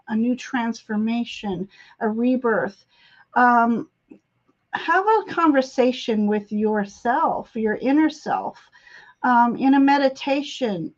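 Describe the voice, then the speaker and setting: A woman hosting a live tarot reading, speaking gently and affirmingly with frequent pauses and fillers. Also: on the high side, lo-fi sound. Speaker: tarot reader and live stream host. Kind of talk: intuitive card reading on a live stream.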